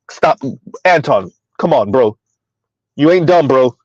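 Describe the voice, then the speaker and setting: A man reads viewers' chat during casual livestream commentary, asking rhetorical questions and repeatedly saying "Right?", his voice leaping up when incredulous. He's expressive yet takes it slowly, pausing often, with a slightly mellow tone. The lo-fi audio is dry and a little dull, without echo.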